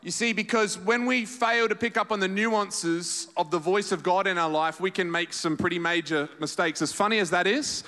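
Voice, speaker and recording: A man preaching a sermon as pastor, animated storytelling to his congregation in a large auditorium. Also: sits high, normal speed, few pauses. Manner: animated storytelling preacher, acts out quoted voices. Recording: reverberant hall.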